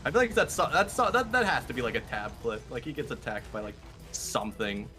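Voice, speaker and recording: A man's voice: mid-range voice, lively intonation, fairly quick, bright, forceful tone, soft background music. A young man speedrunning alongside a friend, chatting in an easygoing, teasing way. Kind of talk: casual chat while gaming.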